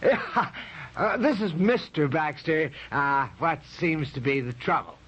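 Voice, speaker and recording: An actor playing an indignant, lecturing suburban husband in a 1970s radio comedy. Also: male voice, a little high, lively intonation, measured pace, music in the background. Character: blustering middle-aged suburban husband. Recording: dull old radio recording with hiss.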